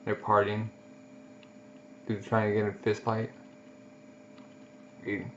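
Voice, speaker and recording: Slow, relaxed man reading manga aloud. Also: on the low side, slight background noise. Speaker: manga reader. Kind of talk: casual read-along commentary. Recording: dull lo-fi recording.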